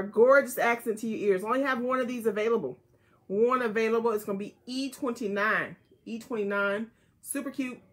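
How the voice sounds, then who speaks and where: Running a live jewelry sale, a chatty woman with a slightly high, fairly bright voice talks casually to viewers. She calls them y'all and mama and repeats each item code.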